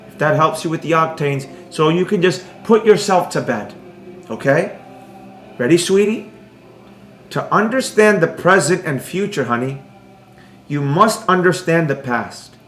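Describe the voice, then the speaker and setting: Hushed doting mother figure reading a bedtime story, put on by a man, echoey room. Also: fairly high pitch, animated, a little slow, voice pushed down. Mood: cooing. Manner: soft, hushed, cooing, keeps saying sweetie.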